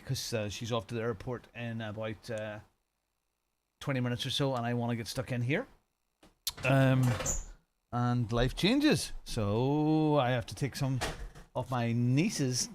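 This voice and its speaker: A man's voice: mid-range voice, slight background noise. Rambling male sim racing streamer. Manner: rambling, thinking aloud with many restarts. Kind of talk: casual live-stream chat.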